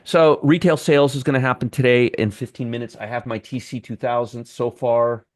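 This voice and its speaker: A man's voice: medium pitch, fairly even intonation, a little fast, no room sound, clean studio sound. A man hosting a live trading stream, chatting with viewers by name and commenting on markets in a casual, restarting way.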